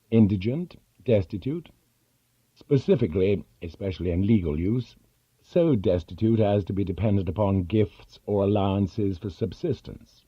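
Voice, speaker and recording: A man narrating an audiobook, reading a dictionary entry in a measured, careful way. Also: lowish voice, breathy edge, dry recording. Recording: dull lo-fi recording.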